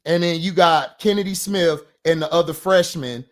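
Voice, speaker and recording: A man's voice: a little high, normal speed. A man hosting a sports talk show, arguing his points passionately and insistently in a casual, heated debate.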